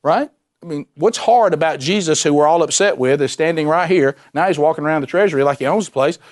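A man preaching a sermon, animated and emphatic, repeating himself and dropping suddenly to a quiet voice. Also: fairly high pitch, quick pace. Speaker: pastor.

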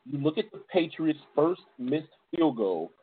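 A man's voice: fairly high pitch, very animated, a little slow. A man co-hosting a casual sports podcast, loose and informal, often breaking into laughter. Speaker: podcast co-host. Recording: tinny phone-like audio.

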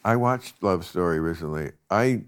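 A man's voice: sits low, expressive, moderate pace, smooth. A man hosting a casual chat, wry, blunt and profane, often chuckling mid-sentence. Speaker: host.

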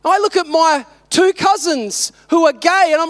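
A man's voice: extremely high pitch, normal speed, hardly any pauses, a bit bright. A man in his thirties, a father, preaching a sermon with emphatic rhetorical questions.

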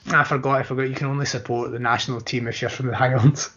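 A man co-hosting a podcast, talking in a laid-back and joking way with plenty of swearing. His voice is bright and forward, and it comes through muffled and lo-fi. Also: medium pitch, level tone, fast talker, breathy edge, faint music behind. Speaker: podcast co-host. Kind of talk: casual chat.

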